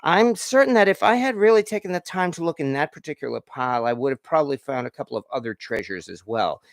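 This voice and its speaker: A man's voice: on the high side, expressive, quick pace, creaky, dry recording, studio quality. A man hosting a home cooking show, chatting casually while he cooks, rambling and self-deprecating with corny puns. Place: home kitchen.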